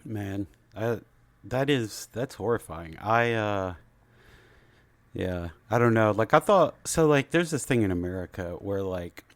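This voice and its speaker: A man's voice: lowish voice, lively intonation, unhurried, dry recording. A man from Florida co-hosting a podcast, chatting casually in a rambling, hesitant way with many fillers. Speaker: podcast co-host. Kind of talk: casual chat.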